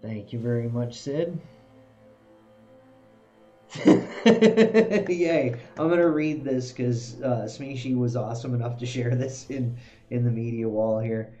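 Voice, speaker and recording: Slow, mellow-voiced male game streamer. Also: mid-range voice, muffled recording. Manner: chatty, self-mocking, chuckles often. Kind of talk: casual live-stream commentary while playing. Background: faint game music.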